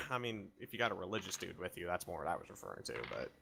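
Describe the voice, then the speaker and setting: Low gravelly guy playing a tabletop game, crude jokes. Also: big pitch swings, fast talker, fairly bright tone. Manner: crude, joking. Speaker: player. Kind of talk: casual tabletop game chat.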